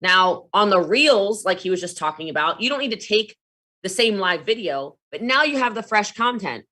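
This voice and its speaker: A woman giving an energetic network marketing training talk, animated and quick to jump between demonstrations and asides. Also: mid-range voice. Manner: fast, animated, jumps between demos and asides.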